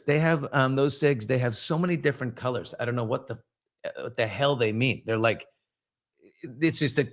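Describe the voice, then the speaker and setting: A man in his fifties hosting a casual live chat, reading viewer comments and telling candid, rambling stories. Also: mid-range voice. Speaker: host.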